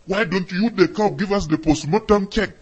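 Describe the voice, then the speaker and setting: A man's voice: high-pitched, normal speed. A man playing a grumbling protester who complains in repeated words and demands money. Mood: complaining. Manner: complaining, repetitive.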